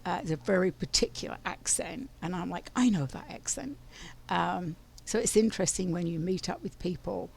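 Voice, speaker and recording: A woman's voice: lowish voice, fairly quick, creaky, few pauses. An older woman from London with a London English accent, giving a meandering spiritual talk full of ums and restarts. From London, England. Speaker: spiritual channeler.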